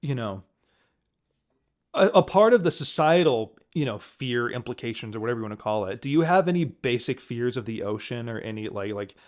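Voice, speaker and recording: A man co-hosting a casual movie podcast, easygoing and quick to laugh. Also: medium pitch, lively intonation. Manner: easygoing, laughs often, loose phrasing. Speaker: podcast co-host.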